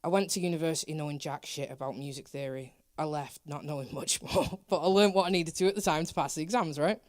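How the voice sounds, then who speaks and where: A woman's voice: deep voice, fast, dry recording. Young English woman, musician guest, playful and opinionated, dry studio sound. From England. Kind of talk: casual interview chat.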